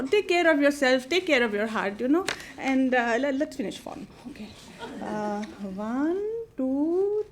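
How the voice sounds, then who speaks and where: A woman's voice: high-pitched, noisy background. A woman playing a chatty older temple lady with a foreign accent, who halts with many fillers and mothers the caller on the phone in a live comedy monologue. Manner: patient, motherly, talks to the caller like a nosy aunt.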